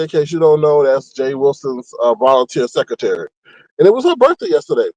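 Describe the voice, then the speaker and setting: A man hosting a casual gossip commentary, talking in a mocking, animated way and acting out what people said. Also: a little fast, dry recording, highs cut off. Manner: animated, mocking, acts out quotes with big pitch jumps. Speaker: commentary channel host.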